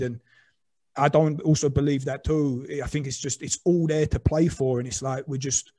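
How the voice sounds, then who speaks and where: A man's voice: medium pitch, fairly even intonation, moderate pace, dark tone, no room sound. Man, casual podcast talk, reflective, swears casually, lots of fillers, dry close recording.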